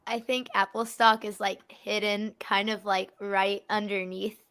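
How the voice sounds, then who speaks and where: Bright woman player rambling casually. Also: mid-range voice, flat delivery, measured pace, smooth. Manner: rambling, full of "like". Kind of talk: casual tabletop game chat.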